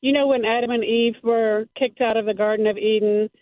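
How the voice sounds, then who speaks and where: A woman calling in to a radio show to ask a question, speaking earnestly and a little haltingly, with small repeats. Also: fairly high pitch, steady tone, no echo. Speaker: caller. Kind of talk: call-in question. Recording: phone line.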